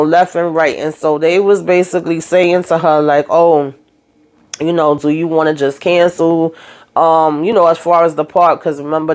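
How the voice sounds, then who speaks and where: A woman's voice: sits low, darkish tone. A woman hosting a reality TV recap, talking in a casual, blunt and sassy way and speaking straight to the cast members.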